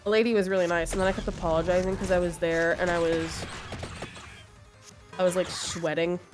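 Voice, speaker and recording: A woman's voice: fairly low pitch, brisk, music in the background. A woman casually chatting while playing a game, telling a story and acting out what people said. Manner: animated storytelling, acts out quotes. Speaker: streamer co-host. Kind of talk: casual chat while gaming.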